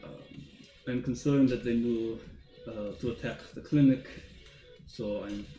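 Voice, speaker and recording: A man speaking in character during a tabletop game, quiet and hesitant with many pauses. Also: medium pitch, fairly even intonation. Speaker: player. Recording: roomy echo, faint music.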